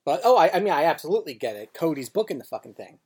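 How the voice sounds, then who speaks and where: Lively-pitched sarcastic podcast co-host. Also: rapid-fire, husky. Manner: wry, sarcastic, with stumbling restarts. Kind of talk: casual chat recapping wrestling.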